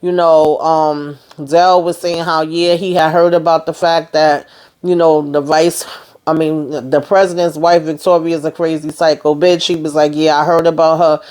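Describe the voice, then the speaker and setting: A woman's voice: low-pitched, moderate pace, clear, resonant tone. Woman chatting through a show recap, quotes everybody, lots of you know and um. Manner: animated retelling, quoting characters, many fillers. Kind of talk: casual chat recap.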